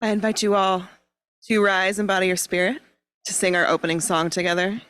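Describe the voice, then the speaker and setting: A woman minister leading a congregation in song, giving quick, quiet instructions between the sung lines. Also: mid-range voice, little pitch movement, no room sound.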